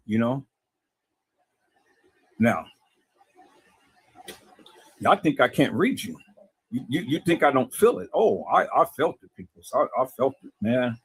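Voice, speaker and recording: A man's voice: medium pitch, breathy edge, no room sound. A man talking to his viewers in a casual, preachy way, often stammering and repeating words. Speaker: video host.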